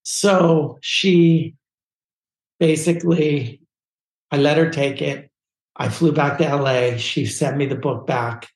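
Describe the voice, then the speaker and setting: A man telling his story as a podcast interview guest, animated and acting out the dialogue. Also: fairly high pitch, takes it slowly, reverberant, poor audio.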